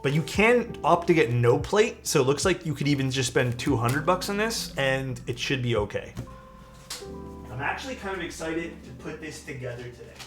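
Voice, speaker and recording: A man casually chatting as a live streamer while building a keyboard, rambling and relaxed, often saying "dude". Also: fairly high pitch, moderate pace, soft background music. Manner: laid-back, rambling, peppered with "dude" and "like".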